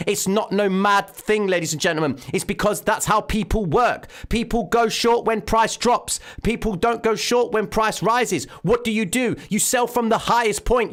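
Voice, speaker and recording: Guy hosting a trading livestream from home, fast excited chart talk into a desk mic. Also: high voice. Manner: excitable, addresses viewers as ladies and gentlemen. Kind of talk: live market commentary. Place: home room, daughter present. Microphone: desk microphone.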